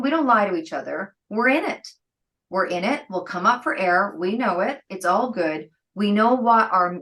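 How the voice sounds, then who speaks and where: A middle-aged woman talks as a guest on an interview, spinning stories with real liveliness. She slips into the voices of the people she quotes and laughs easily, and her voice sits at an ordinary middle pitch. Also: poor audio. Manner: lively, acts out quoted dialogue, laughs often. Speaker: guest entrepreneur. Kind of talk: storytelling interview talk.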